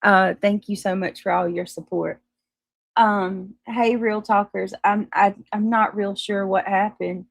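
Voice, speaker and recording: Chatty woman livestream host, gravelly edge. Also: mid-range voice, fairly even intonation, unhurried, dry recording. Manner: chatty, apologetic, laughs easily, restarts often. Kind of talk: casual livestream chat reading viewer comments.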